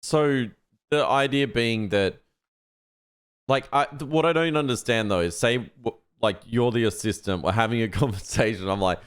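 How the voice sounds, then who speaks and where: A man co-hosting a tech podcast, playfully testing an AI assistant with quick prompts. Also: medium pitch, clear, resonant tone. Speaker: podcast co-host. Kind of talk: casual tech podcast chat.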